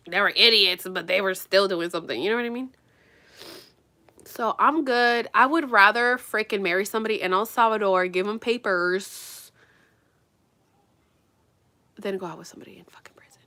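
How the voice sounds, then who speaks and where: A young woman vlogging while getting ready, talking bluntly and with lots of swearing, swinging between loud outbursts and low mutters. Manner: animated, blunt and profane, drops to mutters. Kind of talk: casual get-ready-with-me rant.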